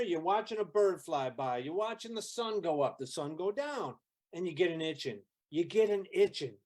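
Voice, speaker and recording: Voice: mid-range voice, a little mellow, natural voice. A performer playing a man who brags about his sins in a live improv scene, with a repetitive, folksy delivery. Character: boastful male sinner proud of his misdeeds.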